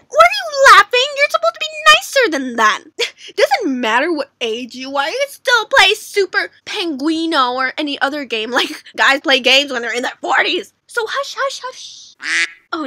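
Bright, squealy young woman gushing. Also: sits high, no echo. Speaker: reaction video host. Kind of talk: excited reaction commentary.

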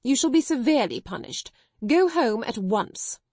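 Stern stuffy schoolmistress, pitched up high and sharp, prim and indignant, a woman doing her in a storybook reading, dry close sound. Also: lively intonation, normal speed, no room sound. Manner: indignant, rigidly polite, shrill when shocked. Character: stern haughty middle-aged schoolmistress.

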